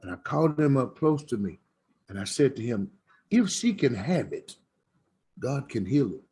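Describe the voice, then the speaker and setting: A middle-aged man tells stories from his smokehouse in a folksy, preacherly manner. His voice is husky and sits at an ordinary pitch for a man. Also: sing-song, normal speed, mellow. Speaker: smokehouse owner. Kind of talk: storytelling chat.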